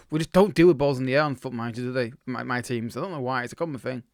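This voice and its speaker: This gaming YouTuber casually commentates his own football management game, chatty, reacting live and often starting sentences over. He speaks quickly in a mid-range voice, captured at studio quality with no room sound.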